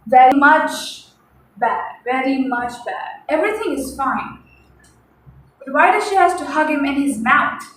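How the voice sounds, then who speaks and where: A young woman with a high voice tells a story in a loose, chatty vlog, exasperated and full of fillers and repeated words. She sits back from the mic in a very echoey room, with faint hiss underneath. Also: animated, normal speed, a bit bright. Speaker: vlogger. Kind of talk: casual storytime chat. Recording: echoey room heard from a distance.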